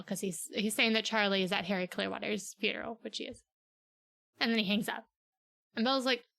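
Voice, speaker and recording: Bright-voiced woman recapping a novel. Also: mid-range voice, vocal fry. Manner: animated, sarcastic retelling, slips into quick character voices. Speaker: podcast co-host. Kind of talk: casual book recap with acted-out quotes.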